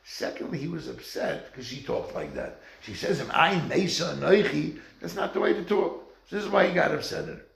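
A man teaches a Torah class, his somewhat high voice gravelly and lively. He swings his pitch widely as he acts out the people in his stories. The room around him echoes. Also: a little fast, few pauses.

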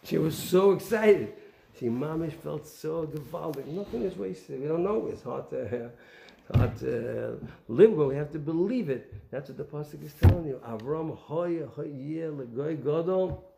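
A man giving an animated Torah talk, asking rhetorical questions and telling stories. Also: on the high side, moderate pace, vocal fry, roomy sound, noisy background. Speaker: Torah teacher.

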